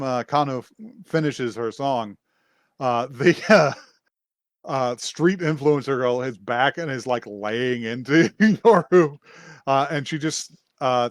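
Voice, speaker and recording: A man's voice: medium pitch, dry recording, studio quality. A man hosting a podcast, casually recapping an anime episode in a rambling way, with many fillers and frequent laughs. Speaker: podcast host.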